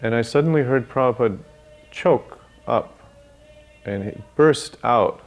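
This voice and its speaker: A man's voice: mid-range voice, measured pace, faint music behind. An older man recalling memories in an interview, speaking hesitantly with fillers. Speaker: devotee sharing memories. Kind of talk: reminiscing interview.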